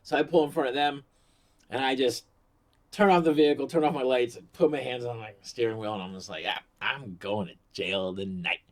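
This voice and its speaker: A man's voice: medium pitch, brisk, a little mellow. Rambling, foul-mouthed middle-aged man telling a funny story to the camera. He talks loosely and casually and pokes fun at himself as he goes. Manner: profane, rambling and self-mocking. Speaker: vlogger.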